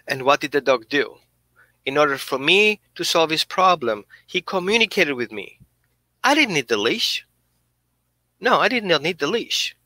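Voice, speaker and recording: A man teaching dog training, emphatic and explanatory, with a voice that swings up and down. His tone is bright and sits a little high. The sound is dry and close. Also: no echo. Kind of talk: instructional talk.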